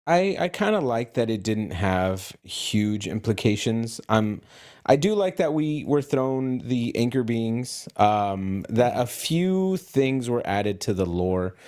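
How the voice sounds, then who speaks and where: A man's voice: mid-range voice, very animated, slow, darkish tone, clear, resonant tone. A man co-hosting a podcast in casual chat, laughing easily and reading out lists. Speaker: podcast co-host.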